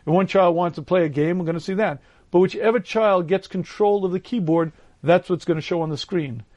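A man giving a live Torah lecture in a slow, deliberate storytelling manner, clearing his throat often. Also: high voice, a little mellow, dull audio.

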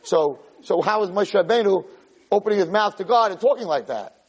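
Give me a rabbi's animated sermon in a husky, slightly high man's voice. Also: a little fast, rough recording. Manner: animated storytelling, mixing Hebrew terms. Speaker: rabbi lecturer. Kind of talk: sermon on the weekly Torah portion.

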